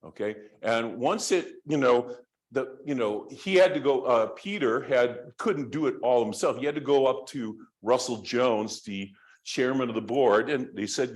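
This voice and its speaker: A man's voice: medium pitch, a little slow. A man giving a university lecture, telling a story in a rambling, conversational way with many restarts.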